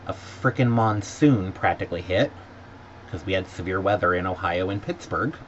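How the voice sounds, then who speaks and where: Guy venting about a travel mess, lowish voice, sarcastic, kinda dull lo-fi audio with faint hiss. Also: a bit bright. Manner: sarcastic, mimics airline staff in high voices. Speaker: vlogger. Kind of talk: exasperated travel rant.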